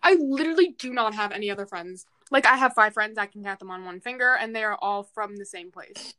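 A woman's voice: medium pitch, a little fast, sharp tone. A teenage girl co-hosting a podcast, rambling and giggly, full of fillers. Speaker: podcast co-host. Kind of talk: casual chat.

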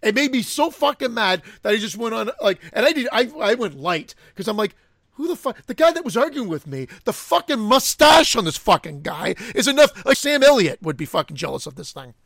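A man's voice: high-pitched, sing-song, fairly quick, creaky, few pauses, fairly bright tone, dry recording, studio quality. A man in a casual podcast chat, ranting in heated, profane bursts.

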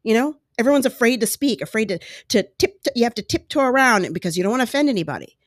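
A middle-aged woman hosts her own podcast, talking candidly and slipping into animated quoted voices. Her pitch swings widely as she goes. The sound is close and completely dry. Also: quick pace, no room sound. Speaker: podcast host. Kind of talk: solo podcast commentary. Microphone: podcast microphone.

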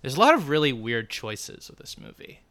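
A man's voice: mid-range voice, wildly swooping pitch, normal speed, fairly bright tone. A man chatting casually as a podcast co-host reviewing a movie, wry and laughing often.

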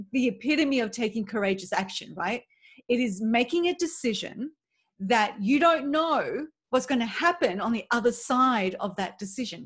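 An Australian woman in her forties hosts a motivational podcast. She talks in an open, personal way, casual and chatty, with plenty of "like" and "right?" along the way. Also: fairly high pitch. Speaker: podcast host. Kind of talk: candid motivational monologue.

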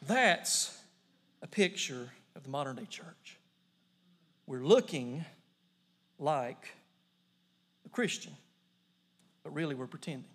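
Animated high-voiced man preaching a sermon. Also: takes it slowly, pauses often, husky. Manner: animated storytelling, swings between loud and hushed. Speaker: pastor.

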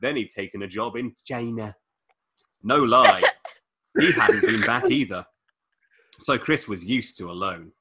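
A man with a husky voice, hosting a comedy podcast and reading a novel aloud in an arch, mock-dramatic way between bursts of banter. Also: lowish voice, a little slow, pauses often, noisy background. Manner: reads in an arch mock-dramatic voice, breaks into laughter.

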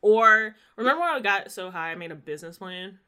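A young woman in her twenties with a bright, forceful voice, chatting casually with a friend. She tells stories with animation and slips into the voices of the people she quotes. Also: mid-range voice, expressive, a little fast, clean tone. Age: 20s. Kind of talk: casual chat.

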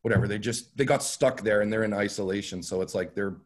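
A man, a comedian guest, chatting casually on a podcast and explaining things in a relaxed, rambling way. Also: fairly low pitch, quick pace. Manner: relaxed, filler-heavy storytelling.

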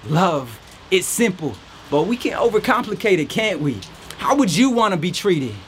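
A man's voice: sits high, big pitch swings, normal speed, a little hiss or hum. A man hosting a podcast, giving an upbeat faith-based pep talk outdoors in the rain. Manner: preachy and upbeat, with a mock reporter voice at times. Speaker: podcast host. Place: outdoors in a storm. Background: rain and faint music.

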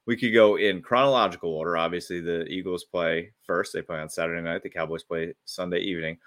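A man co-hosting a casual sports podcast, excitable and rambling, often restarting his sentences. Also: low-pitched, quick pace. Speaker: podcast co-host.

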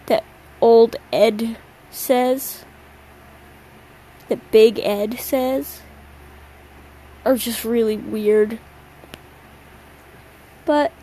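A woman's voice: on the high side, darkish tone, poor audio. A young woman hosting a solo podcast late at night, tired and yawning, rambling in a slangy, self-mocking way. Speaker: podcast host. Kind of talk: casual solo chat.

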